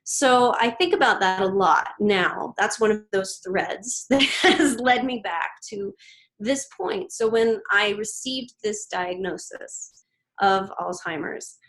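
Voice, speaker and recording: A woman's voice: medium pitch, low-quality recording. Earnest woman telling a story in an interview. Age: 30s. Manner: earnest, gentle, with frequent pauses and restarts. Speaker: podcast guest.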